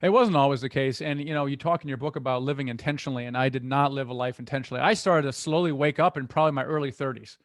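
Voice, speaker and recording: A middle-aged man talking as a guest in an interview, earnest and animated as he tells stories. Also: medium pitch, quick pace, hardly any pauses, no echo, clean studio sound. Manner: earnest, animated storytelling with restarts. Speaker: guest, real estate investor. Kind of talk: conversational interview.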